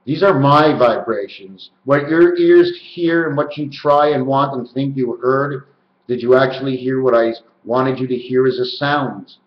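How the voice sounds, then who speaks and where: Slow-talking guy rambling on, singsongy, boomy room on a muffled cheap mic. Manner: sing-song, repeats words in chants, stretches syllables. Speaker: video maker explaining number and letter theories. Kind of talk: rambling solo monologue. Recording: roomy, dull lo-fi home recording.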